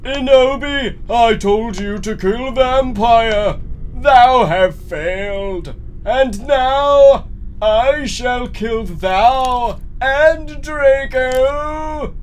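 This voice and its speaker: A man voicing a villainous dark lord who screeches his threats in a high, drawn-out, theatrical fury. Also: slight background noise, full character voice. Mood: furious. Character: shrieking villainous dark lord, male adult.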